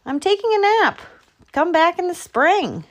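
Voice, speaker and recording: A woman voicing a fussy, sleepy little male squirrel with a high, complaining voice. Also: sing-song, unhurried, full character voice.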